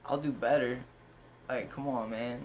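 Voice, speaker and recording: A man's voice: mid-range voice, steady tone, unhurried, a little hiss or hum. A young man co-hosting a podcast, bantering with mock drama and frequent swearing. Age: young adult. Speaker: podcast co-host. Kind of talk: casual chat.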